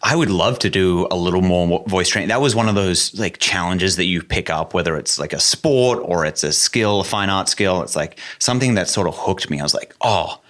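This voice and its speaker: A man's voice: low-pitched, expressive, a little fast, hardly any pauses, a bit bright. A man with an Australian accent, a podcast guest talking casually and thinking aloud with easy fillers. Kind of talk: casual conversation.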